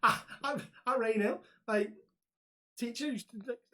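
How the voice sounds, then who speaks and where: A man's voice: very high voice, a little slow. Laughing man telling stories. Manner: animated storyteller, laughs often, swears freely. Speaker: podcast co-host. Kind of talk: casual chat.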